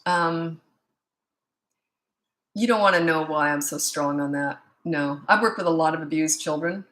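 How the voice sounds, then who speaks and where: A woman's voice: low voice, unhurried, fairly bright tone, reverberant. A woman in her sixties from Canada, a parenting coach answering viewer questions in a blunt, firm, opinionated way with rambling asides. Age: 60s.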